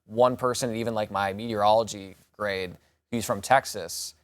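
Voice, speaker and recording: A man's voice: fairly low pitch, fairly even intonation, normal speed, smooth. A man from Minnesota with an upper Midwest accent, telling rambling stories as a morning show co-host. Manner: storytelling, rambling with restarts. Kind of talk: casual chat.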